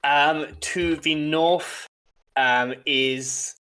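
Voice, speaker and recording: A man's voice: fairly high pitch, steady tone, extremely slow, pushed and bright. A man narrating as game master, explaining in a loose way with plenty of fillers.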